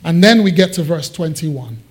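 A man preaching a sermon, explaining Bible verses and acting out the quotes with lively swings in his voice. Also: moderate pace, husky. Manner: animated, acts out Bible quotes with big pitch swings. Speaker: pastor. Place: church hall.

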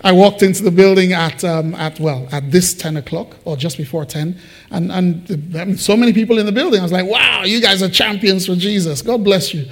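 A man preaching a sermon to his church, conversational and animated, with joking asides. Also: high-pitched, a little fast. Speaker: pastor. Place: church building.

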